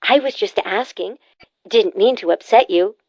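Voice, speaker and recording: A woman voicing a brisk, bossy adult sister in an audiobook, teasing and insistent. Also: mid-range voice, darkish tone, no echo, lightly acted. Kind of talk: audiobook character voice.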